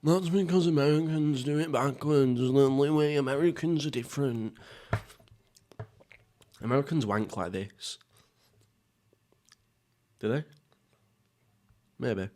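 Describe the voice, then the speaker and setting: A man's voice: medium pitch, measured pace, pauses often, mellow. A young man hosting a casual mukbang podcast, rambling and swearing, often laughing at himself. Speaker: podcast host. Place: at home, seated.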